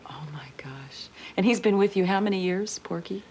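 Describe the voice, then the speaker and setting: A woman's voice: medium pitch, moderate pace, a little mellow, slightly rough. A woman hosting a TV magazine show, asking curious, prompting questions and reading scripted narration. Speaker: TV magazine interviewer and host.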